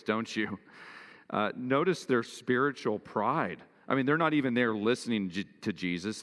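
Male pastor, low voice, earnest sermon delivery that climbs for emphasis; church reverb. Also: fairly bright tone. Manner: earnest preaching, rising in pitch and force for emphasis.

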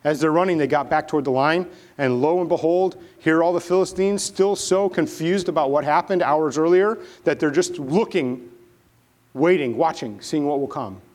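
High-pitched male preacher, animated storyteller; good for a sermon read. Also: normal speed. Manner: animated, dramatic retelling with acted voices.

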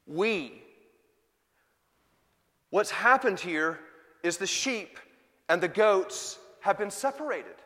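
Man, high voice, emphatic preaching, sermon delivery, reverberant hall. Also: lively intonation, takes it slowly, long pauses, sharp tone. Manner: emphatic, rising to pleading intensity in quoted voices.

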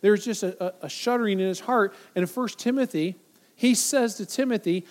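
A man preaching a sermon, emphatic and repetitive, now and then acting out voices from soft to loud. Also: sits high, brisk. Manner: emphatic, repeats phrases for weight; acts out quoted voices, from loud to near silent. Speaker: pastor.

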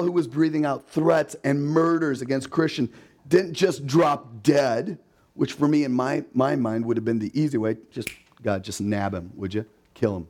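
A man's voice: a little high, darkish tone. A man preaching a sermon in a conversational way, with rhetorical questions and emphatic repetition, and acting out the voices he quotes. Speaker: pastor.

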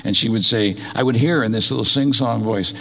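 Middle-aged male pastor, raspy gravelly voice, lively sermon delivery, long hall echo. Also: medium pitch, a little fast. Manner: animated preaching, dramatic retelling of scripture. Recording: long reverb of a large hall.

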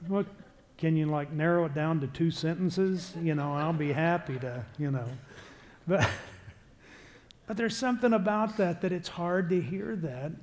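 A man's voice: a little high, a little mellow. A middle-aged man giving a parenting seminar talk to a live audience, conversational and self-deprecating, acting out quotes. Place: church or seminar hall with audience.

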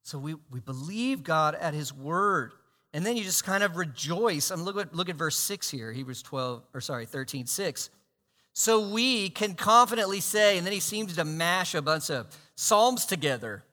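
A man preaching a sermon as pastor, animated, swinging between loud emphasis and hushed asides. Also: a little high, moderate pace. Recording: long hall reverb.

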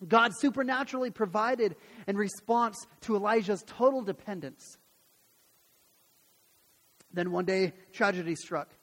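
A pastor preaching a sermon and retelling a Bible story, acting out the voices of its people in a lively way. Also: male voice, high-pitched, big-room sound. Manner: animated storytelling, acts out voices.

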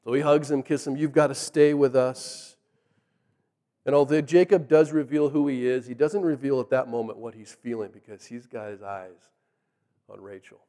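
A man's voice: mid-range voice, a little fast, long reverb tail. A man preaching a sermon, retelling the story casually and animatedly, acting out the characters' lines. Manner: animated, acts out the characters' lines in lively voices.

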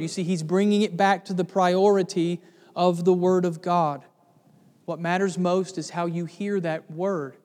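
A man's voice: sits high, darkish tone, long reverb tail. A man preaching a sermon as pastor, earnest and building to emphatic lists of words.

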